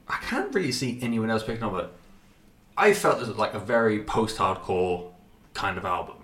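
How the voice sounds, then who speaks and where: A man's voice: fairly low pitch, a bit bright, echoey room, far from the mic. A man casually reviewing albums, rambling and swearing with lots of fillers, a bit stuffy from a runny nose. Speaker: music reviewer. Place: cold apartment.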